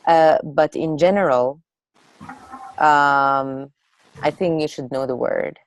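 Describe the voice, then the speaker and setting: A woman co-teaching an online beginner class, explaining in English with pauses as she searches for words. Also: sits low, fairly even intonation. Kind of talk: online language lesson.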